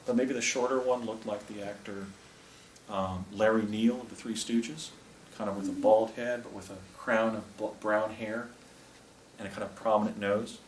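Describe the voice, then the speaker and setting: An older man giving a talk and recounting a personal story, with a rambling, halting delivery full of restarts. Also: fairly low pitch, fairly even intonation. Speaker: speaker presenting images to an audience. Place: presentation room with a projector. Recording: echoey room, distant mic, faint hiss.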